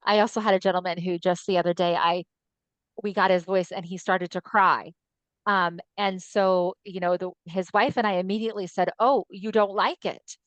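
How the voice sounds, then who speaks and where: A woman hosting a webinar on a video call, talking in a quick, friendly way with fillers. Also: on the low side, fairly even intonation, smooth, no echo, lo-fi sound. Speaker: webinar host, voice-banking coordinator. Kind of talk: webinar discussion.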